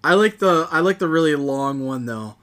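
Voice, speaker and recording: A man's voice: on the high side, lively intonation, moderate pace, a bit bright. A young man co-hosting a podcast, chatting enthusiastically and rambling with lots of fillers. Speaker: podcast co-host. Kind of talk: casual chat.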